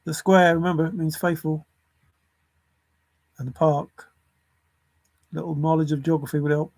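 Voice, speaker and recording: A man's voice: fairly high pitch, flat delivery, moderate pace, a little mellow, dry recording. A man rambling alone through lists of words and clues, chuckling to himself as he thinks aloud. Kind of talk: rambling solo puzzle musing.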